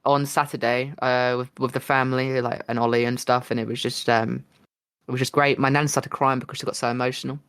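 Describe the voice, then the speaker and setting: A man co-hosting a casual podcast chat, telling stories in an excitable, gushing way with lots of restarts. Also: medium pitch, a little fast, clean tone, no echo, studio quality. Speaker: podcast co-host.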